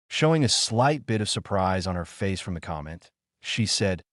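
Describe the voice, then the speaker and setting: A man reads a story aloud in a steady, matter-of-fact narration. His voice is low but moves widely in pitch. The recording is dry, with no room echo. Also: moderate pace. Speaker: fan fiction narrator.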